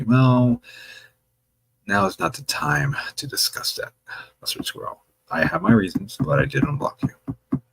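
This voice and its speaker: A man hosting a livestream, reading viewer comments aloud with a chatty, wry manner and a gravelly voice. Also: mid-range voice, fairly bright tone, rough recording. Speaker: livestream host reading chat. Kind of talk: casual livestream chat.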